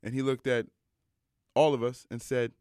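A young adult man telling a personal story in a casual monologue, animated and emphatic, with many fillers. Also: mid-range voice, moderate pace, clear, resonant tone, dry recording, studio quality.

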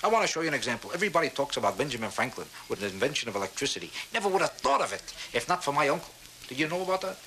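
A man doing a stand-up routine, with deadpan, mock-serious bragging to a laughing audience. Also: medium pitch, rapid-fire, slight background noise, low-quality recording. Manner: deadpan boastful delivery with mock-serious asides. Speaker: stand-up comedian.

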